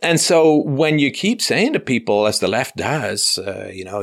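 A man in casual political discussion who argues in an animated way and tells anecdotes. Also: mid-range voice, moderate pace, hardly any pauses. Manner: animated, argumentative storyteller.

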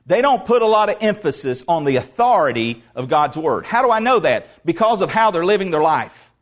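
High, lively-voiced male preacher. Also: a little fast. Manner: emphatic, repeats words for stress. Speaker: pastor. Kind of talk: sermon.

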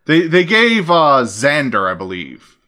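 Male co-host, bright and lively, swears to make a point. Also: fairly high pitch, a little slow. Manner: animated, swears for emphasis. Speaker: podcast co-host. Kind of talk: casual chat.

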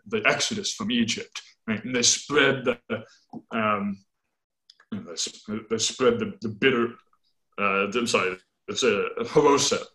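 Animated man explaining scholarship. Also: fairly low pitch, low-quality recording. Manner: animated, tags points with "right?"; scholarly, self-correcting. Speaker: biblical scholar guest. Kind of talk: conversational explanation.

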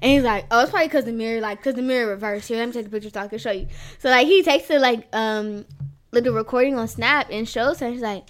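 A woman's voice: a little high, quick pace. A young woman co-hosting a podcast, telling a story in casual chat, laughing often and filling her talk with "like". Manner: giggly storyteller, lots of "like". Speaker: podcast co-host.

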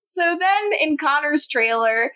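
Woman co-hosting a podcast, kinda high voice, laughing a lot while recapping a show. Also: animated, takes it slowly, bright, forceful tone. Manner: laughs often, chatty, retells scenes. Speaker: podcast co-host. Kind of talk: casual TV episode recap.

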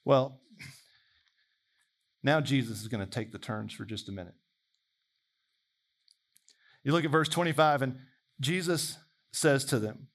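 A man preaching a sermon in a conversational, animated way, imagining dialogue aloud. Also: medium pitch, normal speed, long pauses.

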